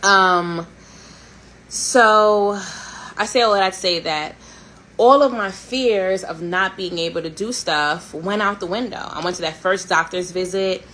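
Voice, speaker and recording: A woman in her thirties, from a Haitian family, hosting a casual storytelling chat in a candid, sarcastic and animated way, swearing and laughing often. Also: medium pitch, unhurried, slight background noise, poor audio. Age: 30s. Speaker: host.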